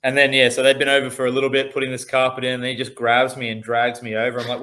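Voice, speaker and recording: A man's voice: medium pitch, completely flat delivery, very fast, hardly any pauses, sharp tone. A man and father, a podcast guest, talking casually in a hesitant way with many restarts. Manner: hesitant, full of fillers and restarts. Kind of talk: casual chat.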